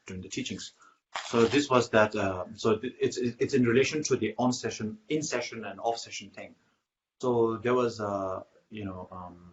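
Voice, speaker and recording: A lower-voiced man gives a Buddhist dharma talk, pausing often with fillers and restarting his phrases. The recording is muffled and lo-fi. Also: slight background noise. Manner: halting, many fillers and restarts. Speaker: Buddhist teacher.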